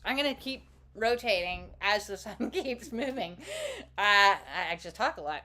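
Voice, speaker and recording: Hosting a casual live card-reading stream, a woman chats with her viewers in a rambling, playful way, dropping the odd swear word. Her mid-range voice sounds animated and sharp, and she talks at a normal speed.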